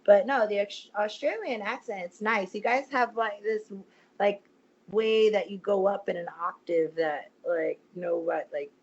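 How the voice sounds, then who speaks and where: A woman's voice: medium pitch, a little slow, breathy edge, dull audio. A woman from the US, a wrestler guest on a podcast, joking playfully and laughing a lot. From USA. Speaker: wrestler and ring announcer guest. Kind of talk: casual interview chat.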